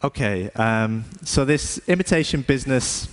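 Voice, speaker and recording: A man's voice: medium pitch, lively intonation, moderate pace, a little hiss or hum. A man in his thirties from England with an English accent, an artist giving a stage talk in a hesitant way, with frequent ums and restarts. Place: lecture stage.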